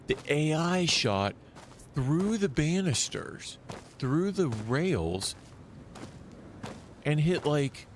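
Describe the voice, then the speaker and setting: A man streaming a survival shooter live, talking loosely and excitedly as he plays, often restarting his sentences. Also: on the high side, extremely slow, long pauses, a little hiss or hum. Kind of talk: live gameplay commentary.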